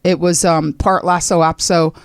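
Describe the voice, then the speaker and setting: Animated woman comedian in her sixties. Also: lowish voice, moderate pace, clear, resonant tone, dry recording, studio quality. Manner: animated, acts out quoted people. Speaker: comedian guest. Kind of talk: storytelling in a podcast interview.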